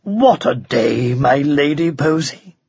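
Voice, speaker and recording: A man voicing a kindly, jovial knight in a storybook reading, a bit deeper than his narration. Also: huge pitch swings, unhurried, creaky, husky, no room sound, highs cut off, exaggerated voice. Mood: fond.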